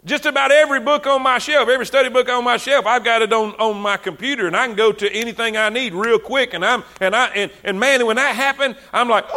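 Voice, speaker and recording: Preacher guy, kinda high voice, bright and punchy, keeps repeating himself and getting fired up. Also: fairly even intonation, fast, hardly any pauses. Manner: fervent, repetitive, conversational. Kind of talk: sermon.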